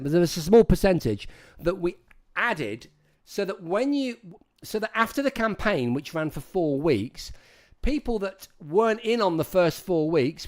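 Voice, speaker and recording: A man hosts a casual livestream and talks straight to his chat. His voice sits a little high and swings widely up and down. He rambles and keeps restarting his sentences. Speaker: livestream host.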